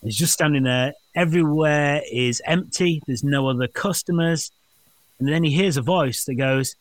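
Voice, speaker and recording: A man in his thirties, a podcast co-host, telling dad jokes casually and acting out the characters with high squeaky voices. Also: brisk, no echo. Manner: animated, acts out joke voices with high squeaks. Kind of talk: casual dad-joke swapping.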